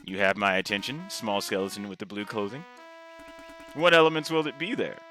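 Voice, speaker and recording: A man's voice: fairly low pitch, brisk, pushed and bright, soft background music. A man voicing a pompous male skeleton trombone player who speaks in grand, solemn phrases. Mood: grandiose.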